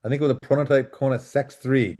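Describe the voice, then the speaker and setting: A middle-aged man from Canada tells freeride stories as a podcast guest, his voice at an everyday pitch. He talks over a video call and acts out the other people in his tales with lively shifts. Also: quick pace. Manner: animated storyteller, acts out quoted dialogue. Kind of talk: casual storytelling interview.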